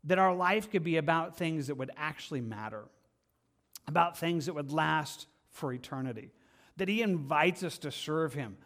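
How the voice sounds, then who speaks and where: A man's voice: on the high side, animated, normal speed, a bit bright. A man preaching a verse-by-verse sermon from a church stage, earnest and impassioned, often stumbling and restarting as he reaches for words. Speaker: pastor.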